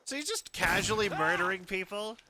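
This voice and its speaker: A man's voice: high voice, lively intonation, fairly quick, sharp tone, slight background noise. A man streaming a video game, chatting and joking casually with lots of filler words. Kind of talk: casual gaming commentary. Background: game music.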